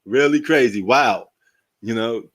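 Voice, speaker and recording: A man's voice: medium pitch, unhurried, fairly bright tone. A man, casually commentating a basketball game live, rambling and joking and laughing often. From New York. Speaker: sports live-stream host.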